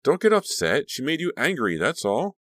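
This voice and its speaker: A man's voice: mid-range voice, huge pitch swings, moderate pace, no echo, studio quality, pitched above the performer's own voice. A man voicing a caring, worried teenage girl in an audiobook, speaking in a raised, anxious register. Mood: concerned.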